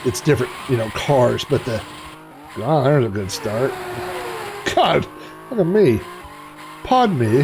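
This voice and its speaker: A man's voice: mid-range voice, creaky, background noise. A middle-aged man streaming retro racing games, chatting in a rambling way and cracking dad jokes. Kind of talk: casual live-stream commentary.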